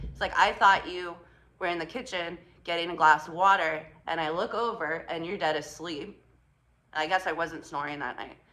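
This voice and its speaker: A woman's voice: on the low side, sharp tone. A woman vlogger casually telling a story to her viewers, chatty and swearing, often quoting her partner and laughing. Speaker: spiritual vlogger.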